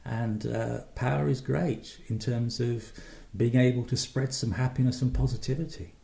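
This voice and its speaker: A man's voice: medium pitch, steady tone, moderate pace, creaky, warm tone. A man co-hosting a podcast, talking in an earnest, encouraging way in casual chat, in a roomy recording. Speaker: podcast co-host.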